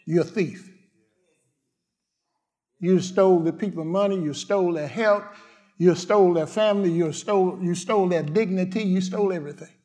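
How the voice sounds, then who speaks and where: A man preaching a fiery sermon, repeating short declarations and swinging from loud cries to hushed murmurs. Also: high-pitched, fairly quick. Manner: repetitive declarations and cadences.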